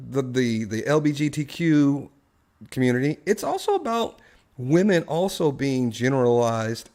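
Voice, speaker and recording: A man's voice: mid-range voice, a little mellow. A man hosting a casual live-stream discussion, telling a story and putting questions to his co-hosts and the chat. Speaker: live show host.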